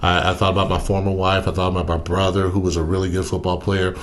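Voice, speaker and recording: A man's voice: deep voice, fast talker. A middle-aged man, a former pro football player, telling stories in a casual interview and acting out the other voices in them. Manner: animated storyteller who acts out the other voices in his stories.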